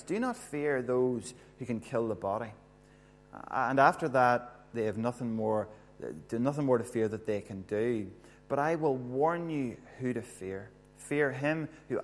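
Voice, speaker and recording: A man preaching a sermon, talking in a conversational way and putting questions to his listeners. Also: mid-range voice. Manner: conversational, asks the audience questions. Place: church hall with a screen.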